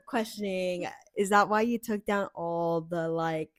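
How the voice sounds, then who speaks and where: A young adult woman co-hosting a podcast in casual chat, excitable and gushing. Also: fairly low pitch, measured pace, no echo, studio quality. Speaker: podcast co-host.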